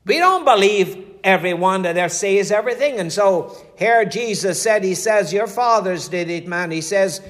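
High-voiced preacher man. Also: expressive, normal speed, hardly any pauses, a bit bright. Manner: folksy storytelling with scripture quotes. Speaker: pastor. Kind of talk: preaching a sermon.

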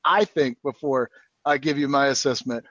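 A man co-hosting a casual podcast chat, playful and deliberate. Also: mid-range voice, a bit bright, dry recording, highs cut off. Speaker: podcast co-host.

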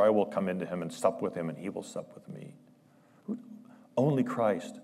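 A man preaching a sermon in a large church, speaking with passion, his voice rising loud on scripture quotes and falling to hushed asides. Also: medium pitch, normal speed. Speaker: guest preacher. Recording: long church reverb.

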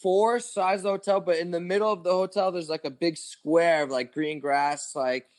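A man's voice: a little high, steady tone, normal speed. A man in his twenties, a podcast co-host, telling a long story in casual chat, rambling with lots of "like" and swearing.

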